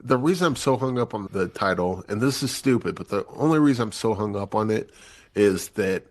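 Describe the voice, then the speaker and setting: A man's voice: on the low side, a little fast. A man hosting a movie review podcast in casual chat, acting out quotes as he talks. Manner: animated, acts out quotes. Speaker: podcast host.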